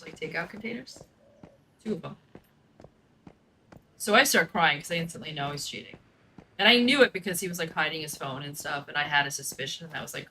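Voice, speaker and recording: A woman's voice: on the low side, bright, forceful tone, a little hiss or hum, poor audio. A young woman telling a personal story in casual chat, blunt and profane, with lots of "like". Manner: blunt, profane, fills speech with "like". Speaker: gaming streamer.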